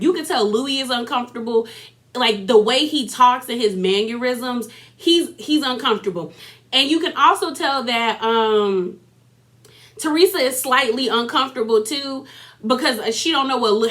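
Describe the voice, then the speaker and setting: A woman's voice: a little high, fairly bright tone. A woman recapping a reality TV episode in a sassy, chatty way, laughing often and throwing in mocking asides. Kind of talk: casual recap commentary.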